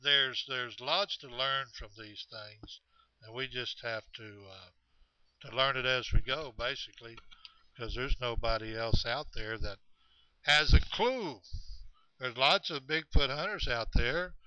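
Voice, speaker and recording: A man telling a long story about hunters in the woods, halting often with fillers and restarts. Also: mid-range voice, clean tone, no room sound. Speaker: storyteller of Bigfoot encounters. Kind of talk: rambling spoken storytelling. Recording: dull, muffled recording.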